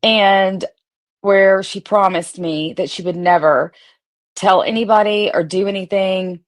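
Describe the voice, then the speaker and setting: A woman in her thirties rants loosely to her viewers, blunt and sarcastic and full of swearing. Her voice sits at an ordinary middle pitch for a woman. She talks in a casual, unscripted way, as if chatting to her audience. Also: fairly even intonation, unhurried. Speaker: streamer reading her old text messages. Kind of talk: casual ranting commentary.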